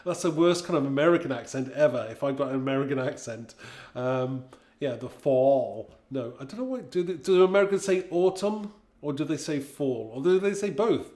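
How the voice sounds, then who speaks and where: A man's voice: a little high, lively intonation, brisk, a little mellow, echoey room. A man in his fifties from Britain, hosting a live craft stream in a casual, chatty way, reading viewers' comments aloud and laughing often. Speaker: craft livestream host.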